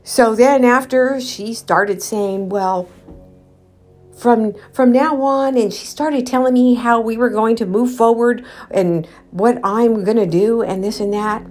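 A woman vlogger telling a personal story while out walking, candid and animated, quoting what people said and talking to her viewers directly. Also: on the high side, measured pace, few pauses, faint music behind. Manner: candid, animated retelling with quoted dialogue; addresses viewers directly as guys.

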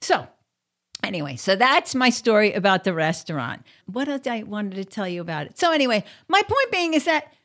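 A woman's voice: medium pitch, sing-song, moderate pace, a bit bright. A woman telling a casual story to the camera, chatty and blunt, with plenty of swearing and filler words.

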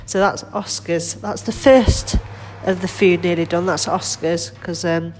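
Low-voiced woman with a stuffy cold. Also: fairly even intonation, a little slow, darkish tone, slight background noise. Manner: chatty, rambling, self-deprecating. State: congested with a cold. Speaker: vlogger. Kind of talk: casual chat. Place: home kitchen.

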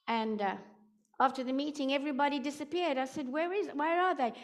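A woman preaching a sermon, telling a personal story with dramatic build-ups that rise to shouting. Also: high voice, a little fast.

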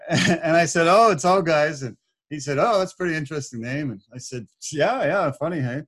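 A man, a podcast guest, telling a story in a casual, animated way, laughing often and acting out what people said. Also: a little high, normal speed, breathy edge. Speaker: podcast guest, corporate speaker.

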